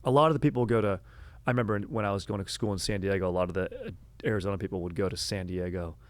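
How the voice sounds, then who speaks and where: A young man hosting a casual comedy podcast, excitable, swearing and saying "dude" often. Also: fairly low pitch, racing. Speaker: podcast host. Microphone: headphones on.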